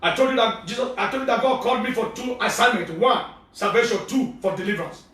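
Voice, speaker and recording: A man with a Nigerian accent preaching a fervent sermon, often shouting as he preaches. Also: high voice, fast talker. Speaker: prophet preacher. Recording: very echoey, from far off.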